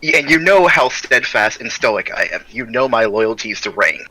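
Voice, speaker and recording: A man voicing a steadfast, stoic young male soldier in tabletop role-play, halting and searching for names as he speaks, clearing his throat often. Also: medium pitch, expressive, bright, forceful tone, poor audio.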